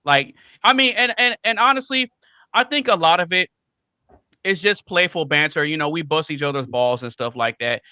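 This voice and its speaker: A man on a podcast panel making his case in casual talk, with a very bright, ringing tone and a slightly raised pitch. He repeats phrases for emphasis, and his voice sounds close and dry, with no room around it. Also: moderate pace, clear, resonant tone, no echo.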